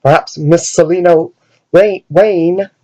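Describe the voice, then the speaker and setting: Brief: a man doing a fussy older English butler, fake British accent, prim and scolding, pitched a bit high. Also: fairly even intonation, slow pace, dark tone, low-quality recording. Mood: exasperated scolding. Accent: put-on British.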